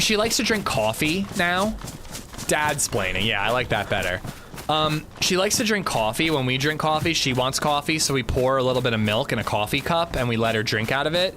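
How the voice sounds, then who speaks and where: Against a noisy background, a gaming livestream host with a slightly high voice chats casually as he plays. His storytelling is animated and full of jokes.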